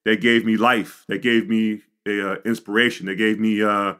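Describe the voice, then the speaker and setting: A middle-aged man from the Chicago suburbs, a podcast guest telling his life story in an animated way, with frequent "you know" and "like". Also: on the low side, normal speed. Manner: animated storyteller, acts out quotes. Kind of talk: storytelling interview.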